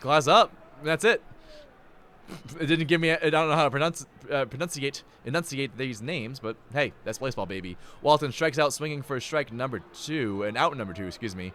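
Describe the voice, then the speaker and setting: A man's voice: medium pitch, fairly quick, fairly bright tone. Playful young man calling a game. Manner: playful, jokey, rambling asides. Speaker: play-by-play announcer. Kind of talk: live play-by-play commentary.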